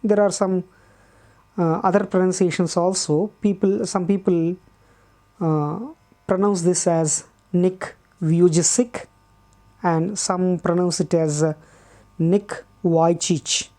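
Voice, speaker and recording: A woman teacher explains a textbook lesson, speaking patiently and deliberately, repeating key words and pausing often. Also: on the low side, steady tone, mellow. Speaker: English teacher. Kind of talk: slow classroom explanation.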